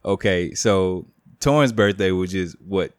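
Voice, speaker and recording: With no room sound around him, a man in his late thirties talks a little slowly in a low-sitting voice. He hosts a podcast in a relaxed, joking way, discussing faith and family in plain terms.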